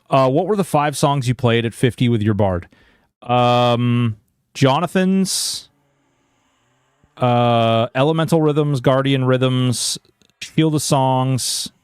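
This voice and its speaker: A man's voice: medium pitch, slow, smooth, no room sound, studio quality. A man streaming a game in casual chat, reading viewer messages aloud and talking freely with lots of fillers.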